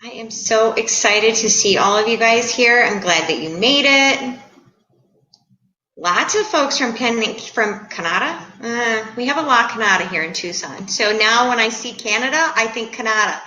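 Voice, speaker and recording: A middle-aged woman from the Chicago area, hosting a live stream and greeting viewers in a bubbly, excitable, chatty way. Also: on the high side, moderate pace. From Chicago area, USA. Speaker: livestream host. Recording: echoey room.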